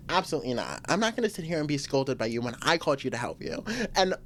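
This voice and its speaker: A woman's voice: rumbling low, sing-song, fast, slight background noise. A woman hosting a podcast on her own, venting in a blunt, profane, emphatic way. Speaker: podcast host. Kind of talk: casual solo podcast venting.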